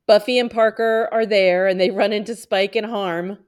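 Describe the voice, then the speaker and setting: A woman's voice: medium pitch, fairly even intonation, normal speed, clear, resonant tone. A woman co-hosting a podcast, recapping an episode in casual chat, laughing often and full of fillers. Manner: giggly, lots of fillers. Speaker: podcast co-host. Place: home, on a video call.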